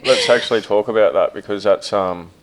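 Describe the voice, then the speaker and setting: A man's voice: fairly low pitch, brisk. A man in casual podcast chat, laid-back, with many fillers and casual swearing. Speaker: podcast co-host, stepdad.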